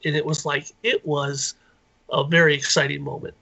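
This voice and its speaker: A man telling a rambling, excited story as a guest on a live call-in show. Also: on the high side, normal speed, gravelly. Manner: rambling, excited, acts out quoted voices. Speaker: inventor and guest.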